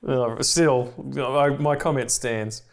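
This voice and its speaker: A man from Australia, co-hosting a podcast and chatting casually through a film commentary, rambling and excitable, swearing freely and laughing often. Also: mid-range voice, takes it slowly. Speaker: podcast co-host.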